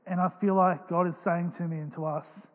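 A young man preaching a sermon as pastor, telling stories in an earnest, animated way. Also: sits high, moderate pace. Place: church hall. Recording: long reverb of a large hall.

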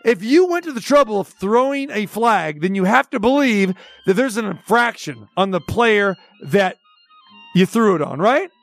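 A man's voice: high-pitched, expressive, moderate pace, vocal fry, soft background music. A man hosting a sports talk segment, ranting with incredulous rhetorical questions. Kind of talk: opinion rant segment.

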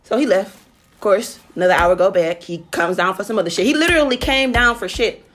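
A woman's voice: mid-range voice, fairly quick. A young woman who works the night desk at a hotel, telling a story in casual, profane chat and acting out quotes with bursts of laughter. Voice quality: profane, animated retelling with acted quotes and laughter. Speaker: night-shift hotel front desk worker.

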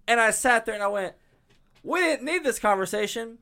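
A man's voice: very high voice, expressive, moderate pace, creaky, bright, forceful tone, no echo. A young man casually riffing on a bad movie, swearing a lot, laughing often and acting out the characters in mocking voices. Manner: profane, laughing, acts out scenes in mocking voices. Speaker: podcast co-host.

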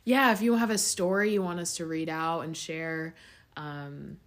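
A woman's voice: low voice, fairly even intonation, a little slow. A young woman hosting a podcast in casual chat with a friend, chatty and saying "like" often. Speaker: podcast host.

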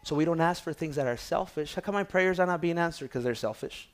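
A man preaching a sermon, moving from hushed prayerful tones to loud exhortation and calling out to his congregation. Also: a little high, fast talker. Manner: calls out to the congregation for response. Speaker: pastor.

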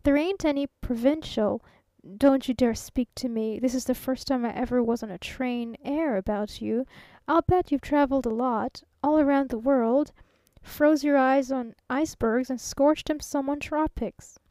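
A woman's voice: high voice, normal speed, dark tone, no room sound, close to an everyday voice. A woman voicing a chatty, folksy, fat male traveling salesman near fifty, earnest and talkative.

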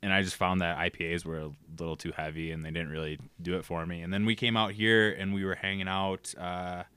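Deep-voiced rambling young man. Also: level tone, a little fast, pushed and bright, clean tone, no echo. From Minnesota. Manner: rambling storyteller, loose and chatty. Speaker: podcast guest. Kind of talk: casual chat.

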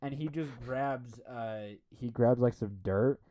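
A young man in casual podcast chat, telling animated stories and acting out the people in them in a high voice. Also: slow pace, rough recording. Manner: animated storytelling, acts out quoted people in a high voice.

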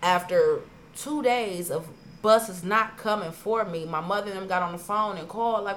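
A woman on a podcast telling stories in casual chat, profane and animated, acting out her own past arguments. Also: medium pitch, moderate pace, slight background noise. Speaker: podcast co-host.

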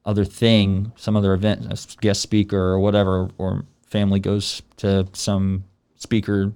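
A man in his thirties hosting a casual conversation, relaxed and rambling with many ums. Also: low voice, moderate pace, clear, resonant tone. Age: 30s. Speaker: podcast host. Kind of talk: casual faith chat.

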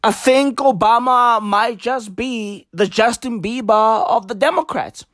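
A man with doing a profane, animated comedy rant. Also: very high-pitched, a little slow, no room sound, clean studio sound. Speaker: commentator.

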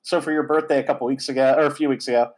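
A man in his thirties hosting a casual chat, telling a story in a lively, animated way with lots of fillers and some swearing. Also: mid-range voice, racing, low-quality recording. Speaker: podcast host.

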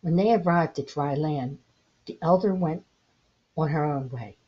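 A woman in her sixties hosting her own podcast, gently telling a parable in an unhurried, reflective way. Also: low-pitched, husky. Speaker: podcast host. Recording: dull lo-fi home recording.

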